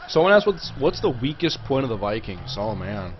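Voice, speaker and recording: A man hosting a livestream, talking casually through a game and reacting loudly whenever a big play lands. His voice sits at an ordinary middle pitch. The audio is a bit dull and lo-fi, with a faint hiss underneath. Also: very animated, normal speed. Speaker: livestream host. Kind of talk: live gameplay commentary.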